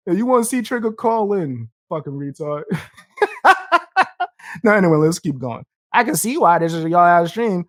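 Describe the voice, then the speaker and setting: A man's voice: sits high, animated, normal speed, a bit bright, no echo, studio quality. A young man live streaming, reacting with a profane, combative rant and taunting his viewers between laughs.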